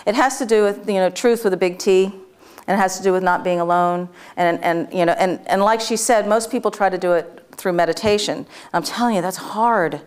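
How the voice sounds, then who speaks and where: A woman's voice: medium pitch, brisk. A woman presenting a live workshop to an audience, chatty and informal, with lots of fillers and restarts and frequent laughter. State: tearful.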